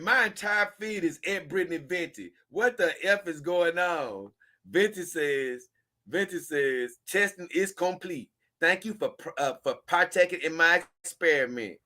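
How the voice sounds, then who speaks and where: A man's voice: high voice, a bit bright. A man, hosting a casual show, rambling and chuckling as he reads posts aloud to his viewers. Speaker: host.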